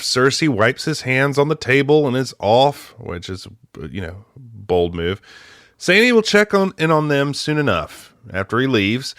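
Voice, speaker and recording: Bright-voiced man recapping a film. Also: lowish voice, no echo, clean studio sound. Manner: chatty, laughing asides, many fillers. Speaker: film club podcast host. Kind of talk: casual plot recap.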